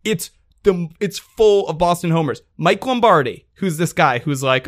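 A man with a fairly high voice holds forth on a sports podcast, heated and sarcastic, swearing freely as he rants. He talks in loose, conversational bursts. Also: lively intonation, moderate pace. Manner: heated, profane, sarcastic ranting. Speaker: podcast co-host. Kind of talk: ranting sports podcast chat.

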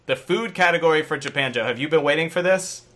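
A man hosting a casual podcast, briskly reading a listener's note aloud in a playful way. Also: fairly high pitch, a bit bright. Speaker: podcast host.

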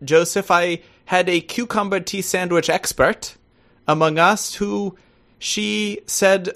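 A man's voice: high voice, steady tone, slow, gravelly, fairly bright tone. Wry grumbling man from Britain. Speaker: guest intro narrator. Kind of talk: scripted comic intro.

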